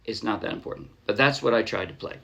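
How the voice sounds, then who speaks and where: A man giving a casual ukulele tutorial, chatting in a relaxed way, correcting himself and counting beats aloud. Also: on the low side, quick pace. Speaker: ukulele teacher. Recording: clear ukulele music behind voice. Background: ukulele playing.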